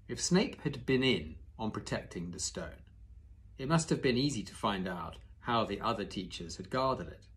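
A man reading a children's novel aloud at a steady storytelling pace. He sometimes stops to correct a slip and carries on. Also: fairly low pitch. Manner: steady storytelling, corrects his own slips. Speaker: reader.

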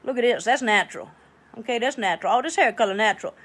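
A woman plays a middle-aged Southern hostess with a Louisiana drawl, handing out bossy life tips on a comedy livestream. Her voice sits high, and she chatters in loose tangents, checking in with her viewers. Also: fast, fairly bright tone, slightly rough. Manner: chatty, bossy, tangents, keeps asking okay. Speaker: host of a live advice show.

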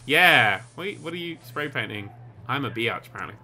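A man commentating over a video game he is playing, excitable and sarcastic, swearing often. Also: mid-range voice, fairly quick. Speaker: gaming commentator. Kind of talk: let's play commentary.

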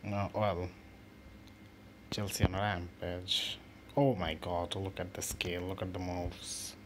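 A man hosting a mobile football game channel, giving casual, excitable commentary with swearing and halting restarts over his own play. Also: low-pitched. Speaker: gaming channel host. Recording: noisy home recording.

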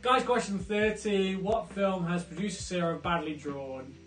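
Quiz host man, upbeat and tangent-prone, slightly high voice, echoey room, faint music. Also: steady tone, a little slow, a bit bright. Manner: chatty, jokey, goes off on tangents. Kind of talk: live online pub quiz hosting.

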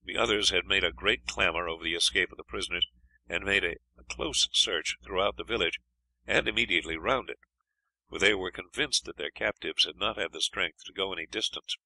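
A man narrating an adventure audiobook in a steady, even storytelling manner. His voice sits low and gravelly with a bright, forceful edge, and the recording is dry and close. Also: fairly quick, no echo, low-quality recording. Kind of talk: scripted narration.

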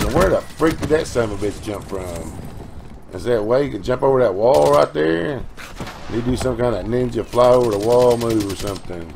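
A middle-aged man, tired from no sleep, giving rambling, folksy, profane gameplay commentary with quick outbursts. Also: medium pitch, gravelly, background noise. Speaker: gaming channel host.

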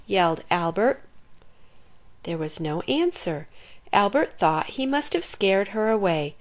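A woman reading a children's picture book aloud in an expressive storytelling manner. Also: mid-range voice, unhurried. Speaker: storybook reader.

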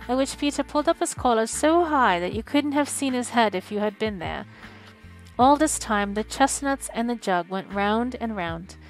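A woman streamer reading a classic novel aloud in a steady, expressive manner. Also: on the high side. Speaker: audiobook reader and streamer.

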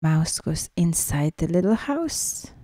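A woman's voice: fairly low pitch, big pitch swings, takes it slowly, warm tone, no room sound, studio quality. A woman teacher reading a picture book aloud to children, coaxing them with little questions. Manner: questioning, coaxing, slips into asides.

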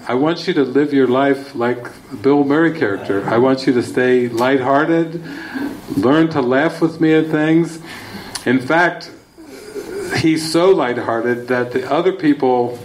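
A man teaching at a spiritual retreat, telling stories with lively, laughing delivery. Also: mid-range voice, noisy background. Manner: animated storytelling, laughing often. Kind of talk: retreat talk. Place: retreat hall.

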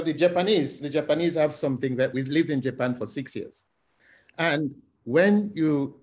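A man on a panel telling a story in an animated, emphatic way. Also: a little high. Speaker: guest. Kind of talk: panel discussion.

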